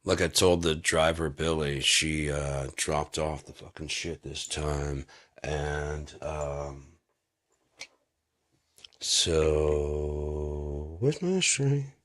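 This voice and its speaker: A man with a very low voice rambles through a casual monologue, cursing freely and dissolving into laughter. He talks slowly and loosely, close to the mic. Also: monotone, fairly bright tone. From Michigan. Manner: loose, profane, breaks into laughter. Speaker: vlogger.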